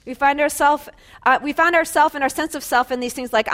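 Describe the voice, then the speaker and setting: A woman's voice: high voice, brisk, a bit bright. A woman preaching a sermon in a conversational way, asking listeners rhetorical questions and laughing lightly between phrases.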